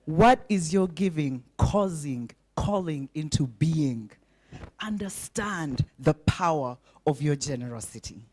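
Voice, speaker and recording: A woman's voice: low-pitched, lively intonation, slow pace, dark tone, breathy edge. A woman giving an inspirational speech at a breakfast event, emphatic and repetitive, asking the audience rhetorical questions and getting them to repeat after her. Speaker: keynote speaker. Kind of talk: inspirational speech with call-and-response.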